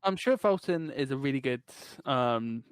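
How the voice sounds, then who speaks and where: A man's voice: medium pitch, expressive, moderate pace, smooth, no room sound. A man co-hosting a casual podcast chat, giving blunt opinions and swearing casually. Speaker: podcast co-host.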